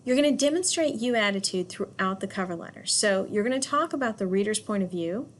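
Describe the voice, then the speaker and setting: Woman instructor, direct and emphatic in class, medium pitch, light room noise. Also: animated, a little fast. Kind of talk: classroom lecture.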